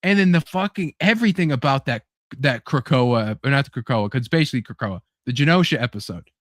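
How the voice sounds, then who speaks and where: A man hosting a casual chat show, talking excitedly and rambling with lots of fillers and swearing. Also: mid-range voice, fast, no echo, clean studio sound. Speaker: podcast host.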